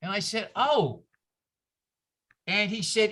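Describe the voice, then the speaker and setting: Minister guy teaching his church, bright edgy voice, keeps going off on asides and asking the room stuff. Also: normal speed. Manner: animated, jumps in pitch for emphasis, frequent asides and self-interruptions; asks the audience rhetorical questions. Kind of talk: informal teaching talk to a congregation.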